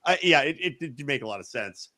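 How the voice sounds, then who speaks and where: A man's voice: on the high side, lively intonation, a little fast, bright, forceful tone, no room sound, studio quality. A man co-hosting a podcast, chatting casually and sarcastically, mimicking characters in mocking voices. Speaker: podcast co-host.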